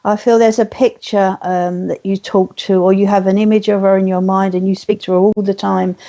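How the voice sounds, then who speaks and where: A woman working as a spiritualist medium, gently passing on messages in a live online reading, speaking softly and slowly. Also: medium pitch, muffled recording.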